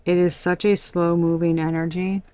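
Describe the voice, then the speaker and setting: A woman's voice: lowish voice, level tone, moderate pace, dark tone, clear, resonant tone, no room sound. A woman giving a casual collective tarot reading, talking bluntly with exasperated asides and frequent swearing. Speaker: tarot reader.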